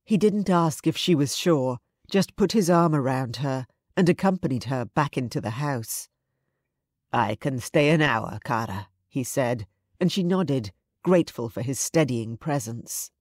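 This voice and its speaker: A woman narrating a romance audiobook in an even, measured storytelling voice. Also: very deep voice, dry recording, studio quality. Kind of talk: scripted narration.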